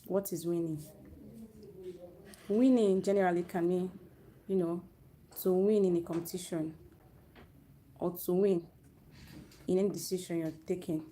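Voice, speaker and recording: A woman's voice: lowish voice, steady tone, mellow. Earnest woman giving a faith talk. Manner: earnest, unhurried, restarts phrases. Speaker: youth speaker. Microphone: live stream, own network.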